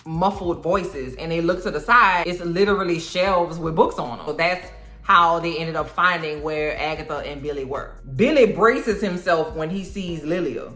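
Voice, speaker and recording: Animated woman recapping in an echoey room. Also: lowish voice, normal speed, soft background music. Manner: animated storytelling, acting out characters' lines; slangy, cursing, talks straight to viewers. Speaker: TV recap host. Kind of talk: casual episode recap.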